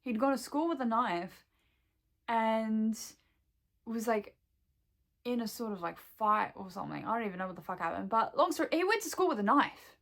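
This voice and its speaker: A woman talks straight to her camera in a loose, emotional rant, stumbling through fillers and curses as she works through her frustration. Her voice sits a little high for a woman. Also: animated, moderate pace, a bit bright. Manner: rambling, full of "like" and swearing, upset. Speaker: vlogger. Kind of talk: casual emotional vent to camera.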